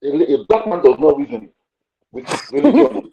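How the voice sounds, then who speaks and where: A man's voice: a little high, very animated, moderate pace, creaky, dark tone. Emphatic man on a poor connection. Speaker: debate panelist. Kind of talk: online debate. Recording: poor VPN connection, muffled.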